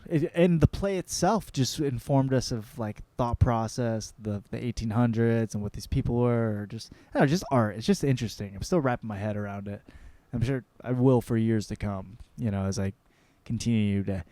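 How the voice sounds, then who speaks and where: A young man, hosting his own podcast, tells a story in a rambling, excitable way and swears often. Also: fairly low pitch, moderate pace, no room sound. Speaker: podcast host. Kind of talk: casual storytelling monologue.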